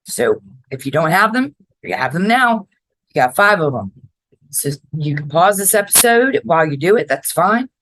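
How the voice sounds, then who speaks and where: Blunt, low-voiced woman podcast host. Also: sing-song, normal speed, fairly bright tone, no room sound, poor audio. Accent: mix of New York and Southern. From Florida. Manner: blunt and direct, swears freely. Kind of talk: casual advice podcast.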